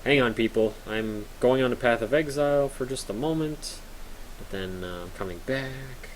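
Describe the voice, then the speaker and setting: A man's voice: mid-range voice, moderate pace, rough recording. A young man chats casually while streaming a game at home, rambling from joke to joke and answering his viewers. His voice sits in a middling range. A faint hiss of background noise runs under the recording. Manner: rambling, joking, reads chat aloud. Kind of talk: casual live-stream chat while gaming.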